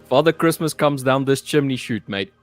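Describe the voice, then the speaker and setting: A man's voice: medium pitch, normal speed. A man from South Africa co-hosting a casual live stream, joking and calling people "mate". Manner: jokey, drops "mate" often. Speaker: co-host.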